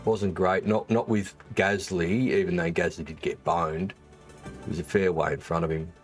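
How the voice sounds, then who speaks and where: A man's voice: sits low, fairly even intonation, normal speed, faint music behind. An Australian man chatting casually on a livestream, rambling, swearing freely and restarting often. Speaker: streamer and former race engineer.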